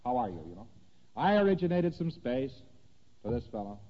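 A man's voice: medium pitch, brisk. Lecturing man in a dull echoing hall. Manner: conversational, animated, asking "see that?". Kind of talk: lecture explaining diagrams. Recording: dull lo-fi recording in a reverberant hall.

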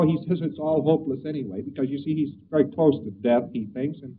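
A man's voice: a little high, brisk, hardly any pauses. A man giving a conversational lecture with hesitations and acted examples, recorded on an old tape. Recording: old tinny distant tape with hiss.

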